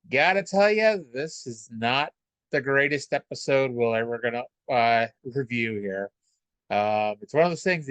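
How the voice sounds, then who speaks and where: A man's voice: medium pitch, fairly bright tone, no echo. A man hosting a casual podcast who recaps old wrestling shows in a rambling, wry way with many fillers.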